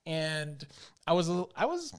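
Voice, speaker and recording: A man's voice: fairly high pitch, sing-song, normal speed, clear, resonant tone. A man co-hosting a business podcast in casual chat, rambling and laughing often. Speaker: podcast co-host.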